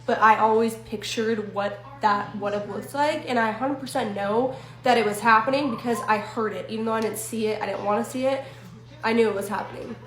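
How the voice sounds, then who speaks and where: Chatty young woman in an echoey room. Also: fairly high pitch. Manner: chatty, swearing, asides to viewers. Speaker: storyteller. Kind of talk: casual storytime. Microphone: phone selfie video.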